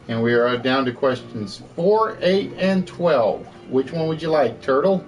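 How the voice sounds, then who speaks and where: A man's voice: mid-range voice, animated, measured pace, hardly any pauses, soft background music. A man hosting a live online game show, chatty, repeating and rephrasing his quiz questions, with an occasional cough.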